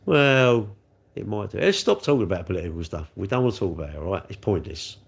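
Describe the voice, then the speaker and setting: Man in his sixties, gravelly and animated, hosts a live stream and banters with the chat. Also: low voice, fast. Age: 60s. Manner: chatty, jokey, answering viewers' comments. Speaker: livestream host reading chat.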